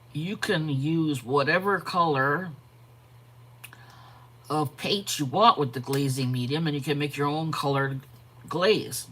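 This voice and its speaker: A woman hosting a live art stream, chatting casually, greeting viewers by name and pausing to yawn and correct herself. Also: deep voice, a bit bright. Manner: frequent yawns and self-corrections. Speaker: art channel host.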